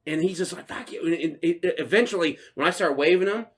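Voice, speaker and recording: A young podcast co-host tells a story in a relaxed way, cursing nonstop and shouting insults while he imitates the other driver. His voice is fairly high and he talks quickly.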